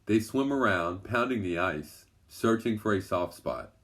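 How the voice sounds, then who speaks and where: A man reading a children's adventure story aloud in a gentle, even storytelling manner. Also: fairly low pitch, a little slow. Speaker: storybook narrator.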